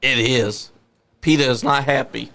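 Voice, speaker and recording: A man's voice: mid-range voice, fairly even intonation, unhurried, gravelly, bright, forceful tone. A man hosting a casual wrestling watch party, joking and calling the action as it happens. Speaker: host.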